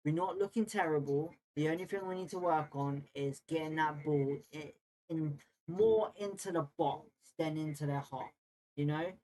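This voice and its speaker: A man's voice: a little high, moderate pace, a little mellow. Brief: man, football watchalong host, casual and opinionated, chats directly to viewers. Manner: opinionated, talks straight to viewers. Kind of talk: casual live match watchalong chat, reading viewer comments.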